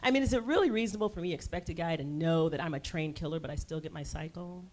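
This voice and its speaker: A woman, performing a stand-up set on a theater stage, with a brassy, punchy delivery that jumps suddenly loud. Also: sits low, racing, heavy background noise. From United States. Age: 40s. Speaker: stand-up comedian.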